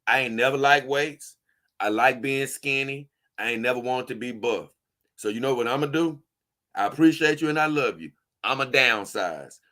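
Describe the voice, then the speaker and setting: A man's voice: medium pitch, pushed and bright. A man vlogging casually, answering viewer comments in an emphatic, repetitive, slangy way and often tripping over his words. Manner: trips over his words, frequent restarts. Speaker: doll-collecting vlogger.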